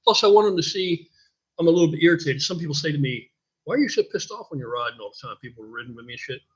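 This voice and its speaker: A man's voice: fairly high pitch, lively intonation, racing, breathy edge. An older man hosting a casual live stream, rambling in a blunt, profane way and answering viewer questions. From United States. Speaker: host. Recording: dull lo-fi stream audio.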